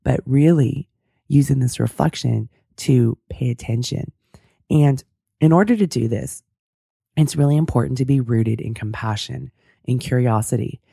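A woman hosting a podcast with a hoarse, cracking voice, talking in an earnest, thoughtful way. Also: a bass voice, normal speed, mellow, dry recording, clean studio sound. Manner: earnest, thoughtful, self-deprecating. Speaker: podcast host. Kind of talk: casual interview chat and solo reflection.

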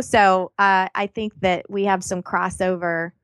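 Woman guest, encouraging and emphatic, dry close mic, mid pitch. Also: fairly even intonation, unhurried, no echo. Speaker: podcast guest. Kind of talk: casual interview chat.

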